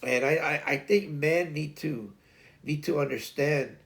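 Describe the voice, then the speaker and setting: A man's voice: on the high side, measured pace, gravelly, fairly bright tone, slight background noise. A man hosting a casual livestream chat, rambling and restarting his sentences often. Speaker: livestream host.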